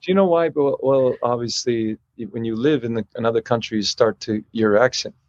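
A man's voice: medium pitch, a little fast, a little mellow, no echo, lo-fi sound. A middle-aged man being interviewed as a guest, rambling and restarting his sentences often.

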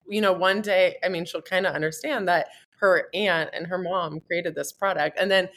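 A woman with a low-pitched voice talks about her business in a casual interview. She laughs often as she tells her stories, and her tone is lively. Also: normal speed, hardly any pauses. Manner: laughs often, animated storytelling. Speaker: entrepreneur guest.

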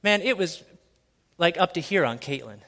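A pastor preaching a sermon in a church, swinging from hushed, intimate lines to loud, excited shouting. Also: male voice, fairly high pitch, moderate pace, in a large hall. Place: church sanctuary.

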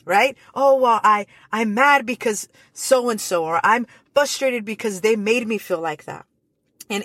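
A woman hosts a faith-based motivational podcast, speaking earnestly while often restarting and repeating phrases. Her mid-range voice is fairly bright, with no room sound.

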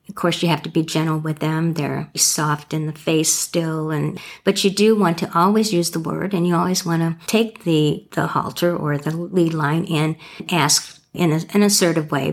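A middle-aged woman who trains horses, co-hosting a podcast in a folksy, storytelling way. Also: deep voice. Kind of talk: storytelling and casual podcast chat.

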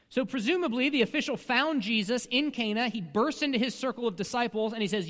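A man's voice: very high-pitched, lively intonation, brisk, few pauses, a bit bright, long reverb tail. A man preaching a sermon as a pastor, talking in a conversational way with frequent rhetorical asides.

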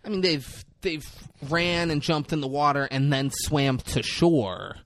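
A man's voice: on the high side, unhurried, no echo. A man co-hosting a casual chat show, retelling a movie scene by scene with swearing and acted-out lines. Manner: animated, swearing, acts out characters' lines. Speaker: podcast co-host recapping a movie.

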